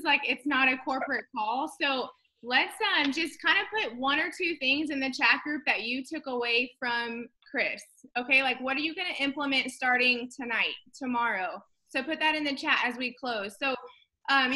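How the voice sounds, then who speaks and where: A woman's voice: high-pitched, bright, forceful tone. Upbeat woman hosting a team call. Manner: upbeat, uses many fillers like "um" and "like". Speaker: call host. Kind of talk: casual wrap-up of a team call.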